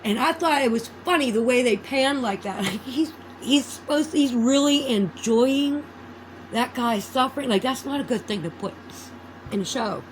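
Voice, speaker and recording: A woman's voice: high-pitched, normal speed, slight background noise, poor audio. A woman vlogging in a casual, rambling chat. She swears freely and loses her train of thought.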